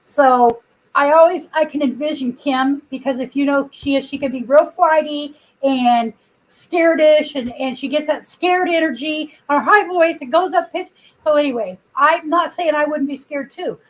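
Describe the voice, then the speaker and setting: A woman's voice: high voice, normal speed, poor audio. A woman hosting a casual livestream, chatting and telling stories to her viewers in a rambling way, recorded without her microphone. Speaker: livestream host. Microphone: computer built-in mic, no external microphone.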